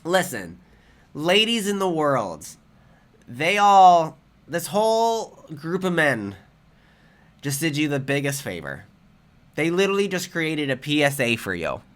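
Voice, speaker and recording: A man's voice: on the high side, very animated, a little slow. A man giving angry, profane reaction commentary in a heated ranting manner. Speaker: commentary vlogger.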